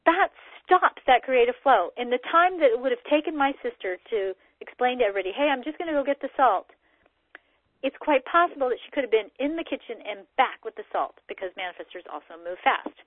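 A middle-aged woman giving a casual talk that explains a personality system, acting out quoted dialogue in lively voices. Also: high-pitched, fairly quick, no room sound. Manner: animated, acts out quoted dialogue. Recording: tinny phone-like recording, dry.

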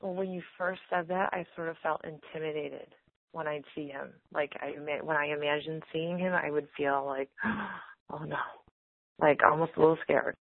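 Hesitant woman with gravelly phone voice. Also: low voice, steady tone, a little fast, no echo. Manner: hesitant, soft-spoken. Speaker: caller. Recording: dry phone line.

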